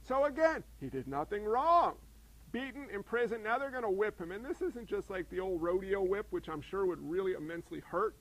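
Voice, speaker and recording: A man preaching a sermon in an animated way, acting out voices and asking the congregation questions. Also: sits high, brisk, rough recording. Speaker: pastor.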